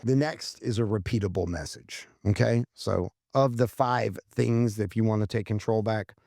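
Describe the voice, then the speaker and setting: A man co-hosting a casual marketing podcast lays out numbered tips bluntly and emphatically, swearing freely. His voice is on the low side with vocal fry and a dark tone, at a moderate pace, in clean studio sound with no echo.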